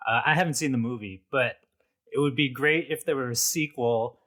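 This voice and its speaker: A man on a podcast with a bright, clear tone at a middle pitch. He talks casually and slips in dry, joking asides. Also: normal speed. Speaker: podcast co-host. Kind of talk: casual chat.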